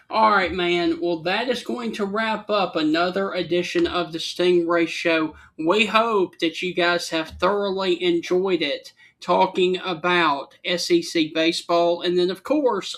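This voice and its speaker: A man hosting a chat show, adding short replies and then closing the episode in a steady, practiced way. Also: high-pitched, measured pace. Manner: brief backchannel, then smooth scripted wrap-up. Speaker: host. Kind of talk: casual chat and show sign-off.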